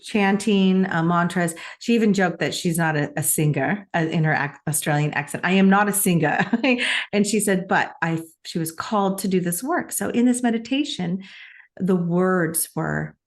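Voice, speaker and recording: A woman's voice: fairly low pitch, moderate pace. A middle-aged woman co-hosting a podcast, telling a personal story in an earnest, emotional and reflective way, laughing often. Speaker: podcast co-host.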